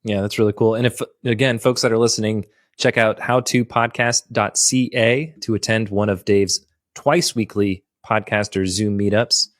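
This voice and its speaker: A man's voice: on the low side, steady tone, normal speed, no echo, studio quality. A man hosting a business podcast interview, affirming his guest and wrapping up the show in a friendly, promotional way. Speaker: podcast host.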